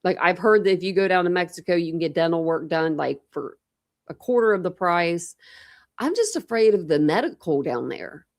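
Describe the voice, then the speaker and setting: A young woman chats loosely with her live-stream viewers, full of restarts and repeated words. Her voice sits on the low side and carries a gravelly fry throughout. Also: expressive, moderate pace. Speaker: true crime channel host.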